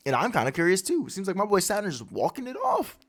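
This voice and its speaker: Man, manga recap host, animated pitch, excited slang, vocal sound effects. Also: fast, creaky. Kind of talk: casual chapter recap.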